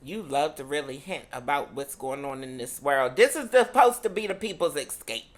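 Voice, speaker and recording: A woman's voice: deep voice, animated, normal speed. A woman co-hosting a casual podcast, sassy and profane, calling everyone "honey" as she chats. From United States. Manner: sassy, says "honey" constantly, swears freely. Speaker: podcast co-host.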